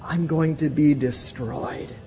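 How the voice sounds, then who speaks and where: A man voicing an anguished male prophet crying out in dread, in raised, strained pleading, with long reverb and faint rumble behind. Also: fairly even intonation, takes it slowly, gravelly, dark tone.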